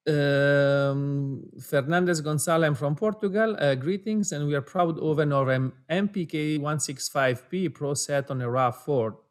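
A man co-hosting a live webinar over a video call, reading out viewer names and greetings, switching languages and quick to laugh. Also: a little high. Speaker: webinar co-host for an audio brand.

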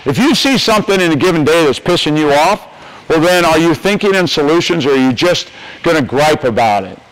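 An older man from the United States speaks at a coaches clinic in a motivational coaching style. His voice sits a little on the high side. He is emphatic and folksy, and he hammers his key points home by repeating them. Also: lively intonation, a little fast, a bit bright, poor audio.

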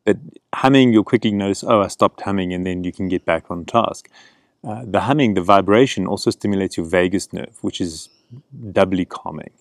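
A middle-aged man teaching gentle breathing practice outdoors, speaking in a calm, encouraging way. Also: deep voice, normal speed, no room sound, clean studio sound. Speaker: breathing coach. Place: outdoors in a canyon.

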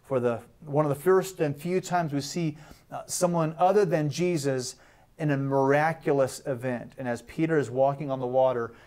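A man giving a short, animated sermon as a guest, acting out the voices in the story with humor. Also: mid-range voice, moderate pace. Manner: animated, acts out Bible voices and jokes. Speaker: guest pastor. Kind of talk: short sermon on a talk show.

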